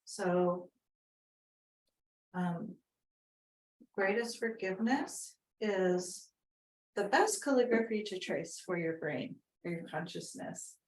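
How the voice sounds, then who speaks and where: A woman at a wellness session talks a group through each stroke at a slow, unhurried pace. Her voice sits at an ordinary middle pitch, and she gives patient, step-by-step instructions. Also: slight background noise, rough recording. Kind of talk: guided calligraphy tracing and affirmations. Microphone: unplugged microphone, then plugged back in.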